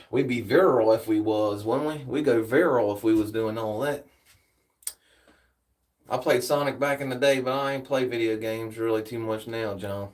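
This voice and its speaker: A US streamer with a Southern accent chats casually with viewers, laid-back and full of slang, worn out after a workout. His voice sits in the mid range at a normal speed, and he's recorded from a distance from the mic.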